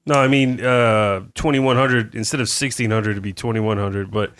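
A man's voice: on the low side, steady tone, moderate pace, fairly bright tone, clear, resonant tone. Dry-spoken radio co-host, a man. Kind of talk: casual chat.

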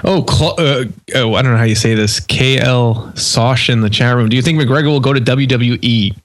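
A man's voice: mid-range voice, normal speed. A man co-hosting a radio talk show, asking questions in a casual, curious way. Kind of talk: casual chat.

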